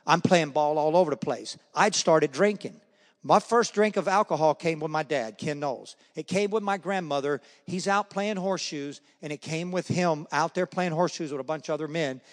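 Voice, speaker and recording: A man with a slightly high voice shares his faith testimony as a lively story, acting out the voices of the people in it. He speaks at normal speed, and a long hall reverb makes him ring out as if he were in a large meeting room.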